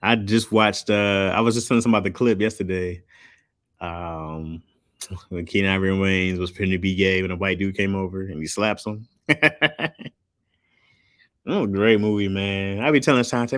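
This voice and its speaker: A man's voice: on the low side, brisk, fairly bright tone, no room sound, clean studio sound. A man streaming live, chatting casually in loose slang and answering chat. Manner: loose slangy talk, reads chat aloud.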